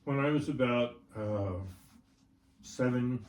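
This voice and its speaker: A man's voice: medium pitch, takes it slowly, a little mellow, slight background noise. An older man, a horse trainer, telling a personal story in an interview in a folksy way, often checking in with his listener. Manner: folksy, checks in with "right?" and "all right?". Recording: roomy, from a distance, faint ambience.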